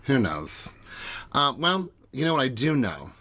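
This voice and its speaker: A man co-hosting a podcast in casual chat from a small closet, chatty and quick to laugh. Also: mid-range voice, very animated, sharp tone, slight background noise. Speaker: podcast co-host.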